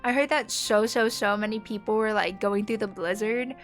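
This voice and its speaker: A young American streamer with a neutral accent chats casually with viewers while playing a game. Her medium-pitched voice moves at a moderate pace, rambling with many fillers, and faint music plays behind her.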